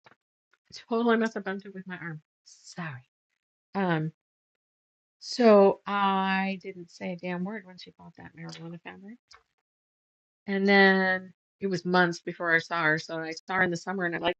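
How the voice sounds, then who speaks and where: A woman's voice: fairly low pitch, unhurried, long pauses, a bit bright, no room sound, highs cut off. A middle-aged woman chatting casually while she quilts, rambling through stories, trailing off and laughing at herself. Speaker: quilting vlogger. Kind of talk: casual chat while sewing.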